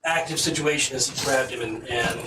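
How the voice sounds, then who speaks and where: A man narrating as game master of a tabletop game, halting with many ums and restarts. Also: medium pitch, background noise. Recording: echoey room, mic at a distance.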